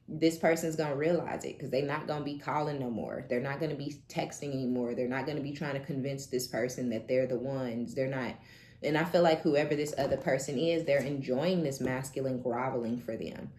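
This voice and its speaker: A woman with a very deep voice reads tarot in a loose, animated way, peppering it with swearing and laughing asides. Her comes through, and the room around her sounds echoey. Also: fairly quick. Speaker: tarot reader. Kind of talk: casual tarot reading.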